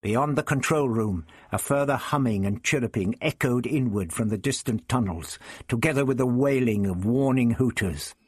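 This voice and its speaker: A man's voice: mid-range voice, moderate pace, hardly any pauses, husky, no echo. A man reading a science fiction novel aloud with vivid, dramatic storytelling. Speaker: audiobook reader.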